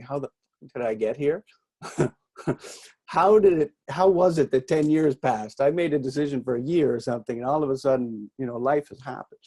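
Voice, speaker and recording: Speaking in a mellow, mid-range voice, this middle-aged New Brunswick man addresses a workshop audience. His accent mixes Canadian and Irish, and his talk is chatty and self-deprecating.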